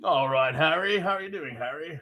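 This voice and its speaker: A man putting on a clumsy English accent, playing a rough-voiced, chain-smoking wizard. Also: fairly high pitch, brisk, pushed and bright. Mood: hammy. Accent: put-on English. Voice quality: rough, smoker-like.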